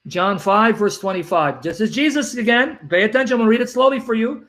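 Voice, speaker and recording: High-pitched guy arguing religion, emphatic, keeps repeating verses. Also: a bit bright. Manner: emphatic, repeats references, slow deliberate reading. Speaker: Christian apologist. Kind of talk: street debate, reading scripture aloud.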